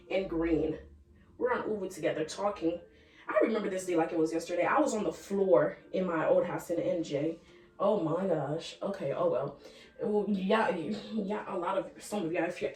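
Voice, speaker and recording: A woman's voice: mid-range voice, a little mellow, recorded from a distance. A young woman telling a casual storytime to her viewers, frank and chatty, swearing freely and talking straight to the audience. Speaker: vlogger. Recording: roomy sound from the mic.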